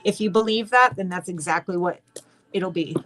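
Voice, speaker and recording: A woman giving a casual spoken tarot reading, excitable and rambling with many restarts. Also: fairly low pitch, moderate pace, soft background music. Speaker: tarot reader.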